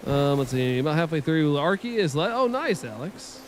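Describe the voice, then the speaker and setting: A man's voice: a little high, lively intonation, normal speed. Chatty man streaming with faint music. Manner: rambling, chatty, laughs often. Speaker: live streamer. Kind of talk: casual live-stream chat to viewers.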